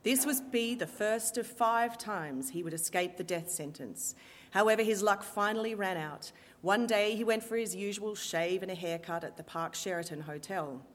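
Wry woman storyteller in a reverberant hall. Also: mid-range voice. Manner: lively, wry, dramatic pauses. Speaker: storyteller and stage performer. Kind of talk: live storytelling.

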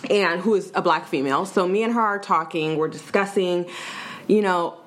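A young woman co-hosting a casual podcast, telling a story in a measured way with frequent pauses and ums. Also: on the low side. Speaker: podcast co-host.

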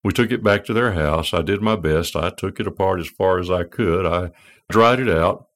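A man's voice: low voice, normal speed, fairly bright tone. A middle-aged man hosting a devotional podcast, telling a story with wry, self-deprecating humor. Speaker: podcast host.

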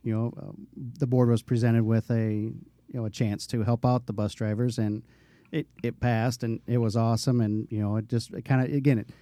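Guy co-hosting a podcast, mellow voice, rambly, lots of you-knows. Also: medium pitch, flat delivery, fairly quick, dry recording. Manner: rambling, many fillers and restarts. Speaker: podcast co-host, bus driver. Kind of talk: casual podcast chat.

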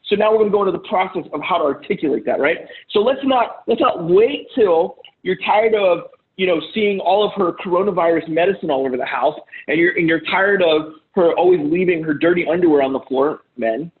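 A man's voice: sits high, expressive, fairly quick. A man giving casual relationship advice to other men, blunt and profane, acting out heated arguments in quoted lines. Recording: phone-like lo-fi audio.

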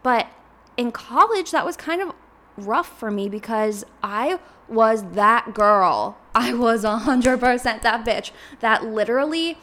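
Young woman podcast host, slightly high voice, loose rambling chat. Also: unhurried, sharp tone. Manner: rambling and chatty, heavy with filler words.

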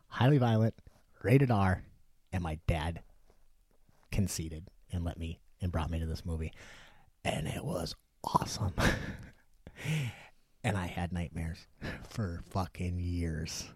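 A man's voice: low-pitched, a little mellow, no echo, clean studio sound. A man in his forties co-hosting a casual podcast chat, swearing freely and telling rambling stories. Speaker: podcast co-host.

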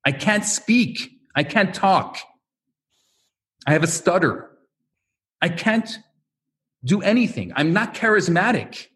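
A man's voice: sits high, lively intonation, slow pace, pauses often, a bit bright, exaggerated voice. A man voicing a humble, self-doubting older male prophet who speaks earnestly and pleadingly.

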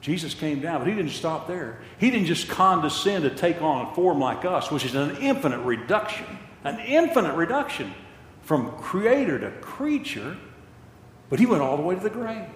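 A man's voice: fairly high pitch, very animated, moderate pace, a little hiss or hum. An older man preaching a sermon with passion, repeating phrases for emphasis, recorded in a large church hall. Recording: echoey hall with long reverb.

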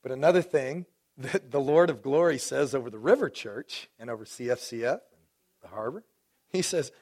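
A man in his forties from Dallas preaching a sermon to his congregation, swinging between rising fervor and relaxed storytelling asides. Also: sits high. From Dallas, Texas. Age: 40s. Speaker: pastor.

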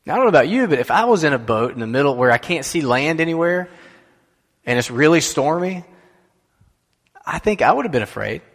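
A man's voice: on the high side, sing-song, a little fast, pauses often. A man giving a sermon as pastor, in a conversational way that puts questions to the listeners. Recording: long hall reverb.

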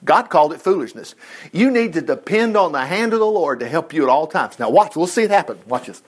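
Animated folksy preacher with a twang. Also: male voice, high voice, fairly quick. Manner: folksy, animated, reads scripture aloud and comments. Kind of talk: casual sermon with scripture reading.

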